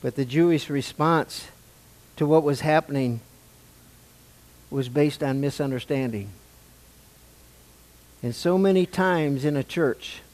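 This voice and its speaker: A man's voice: mid-range voice, darkish tone. An older man preaching a sermon to his church, asking the congregation questions in a conversational way. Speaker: pastor. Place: church sanctuary.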